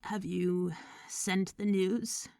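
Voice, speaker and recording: A woman reader voicing a grieving, mild-mannered man, speaking quietly and gently in an audiobook story. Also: medium pitch, little pitch movement, extremely slow, no room sound. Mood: subdued.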